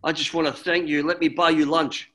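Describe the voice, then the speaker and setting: A middle-aged man with a slightly high voice, a former footballer, tells a long story as an interview guest. He rambles, restarts sentences and calls the listener "mate" in a relaxed, chatty way. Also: fairly quick.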